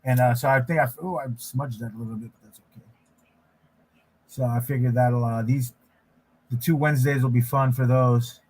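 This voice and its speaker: A man's voice: mid-range voice, steady tone, moderate pace, pauses often, darkish tone, slightly rough. A man hosting a casual livestream while drawing, talking in a loose, rambling way with frequent restarts. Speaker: livestream host, artist.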